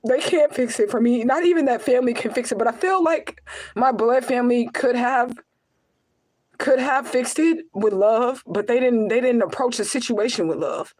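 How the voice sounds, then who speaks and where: A woman's voice: fairly high pitch, normal speed, a little mellow, low-quality recording. A young woman talks to her followers in an emotional personal vlog. Her voice is close to tears, and she speaks in a raw, profane way, circling back to the same phrases again and again as she pleads with her viewers.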